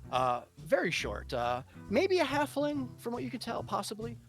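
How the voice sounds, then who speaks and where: A man narrating as game master of a tabletop game, halting and full of fillers and restarts. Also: very high-pitched, wildly swooping pitch, soft background music.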